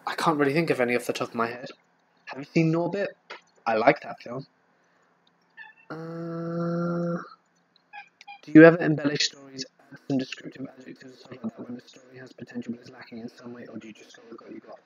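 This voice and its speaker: A man's voice: mid-range voice, steady tone, a little fast, slightly rough, muffled recording. A man, hosting a casual live stream and answering viewer questions in a chatty, hesitant way. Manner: chatty, hesitant, with frequent fillers and restarts. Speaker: horror story narrator and channel host.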